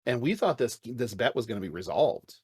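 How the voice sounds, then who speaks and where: A man co-hosting a casual podcast chat, talking in an animated, joking way with some swearing. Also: medium pitch, brisk, breathy edge, dry recording. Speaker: podcast co-host.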